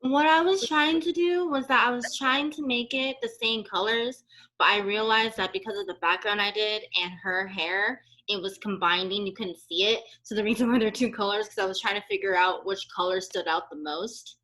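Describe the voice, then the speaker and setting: Bright-voiced hesitant woman student. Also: mid-range voice, moderate pace, rough recording. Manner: hesitant, many fillers. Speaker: art student. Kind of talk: presenting her own work in class.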